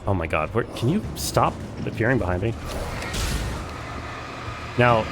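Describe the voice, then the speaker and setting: Animated joking young male streamer. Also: lowish voice, measured pace, very noisy. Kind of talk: casual gameplay commentary.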